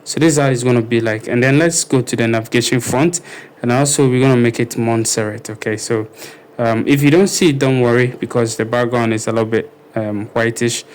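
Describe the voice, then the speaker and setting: A man's voice: mid-range voice, steady tone. Easygoing man walking through a tutorial. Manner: unhurried, many ums and okays, thinking aloud. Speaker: web design tutor. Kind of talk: casual screen-recorded tutorial walkthrough.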